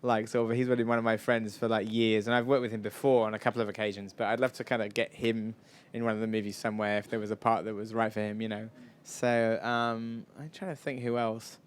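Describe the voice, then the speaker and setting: A man's voice: on the low side, level tone, a little fast, few pauses. A man answering audience questions at a live event, chatty and rambling, often self-deprecating. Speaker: filmmaker guest.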